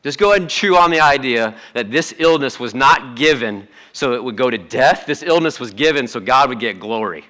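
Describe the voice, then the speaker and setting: A man preaching a sermon to his church in a conversational, animated way, with joking asides. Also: medium pitch, fairly quick, few pauses. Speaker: pastor.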